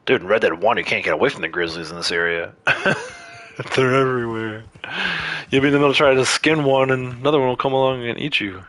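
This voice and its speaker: Bright-voiced man chatting over gameplay. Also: medium pitch, fast talker. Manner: chatty, talks to viewers while playing. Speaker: livestreamer. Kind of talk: casual gameplay commentary.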